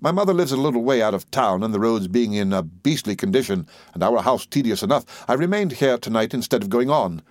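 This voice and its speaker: A man reading an audiobook, voicing a jaunty, self-assured young gentleman. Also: medium pitch, expressive, brisk, hardly any pauses, dry recording, studio quality, lightly acted. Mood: breezy. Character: breezy, confident young gentleman. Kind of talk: audiobook character voice.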